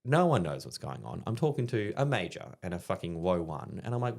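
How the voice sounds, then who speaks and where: An Australian man with a somewhat low voice tells his stories with lots of swearing and bursts of laughter. He sounds like a comedian and ex-soldier chatting into a podcast mic. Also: a little fast, creaky. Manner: animated, profane, laughs through his anecdotes. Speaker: guest, stand-up comedian and army veteran. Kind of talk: casual podcast storytelling.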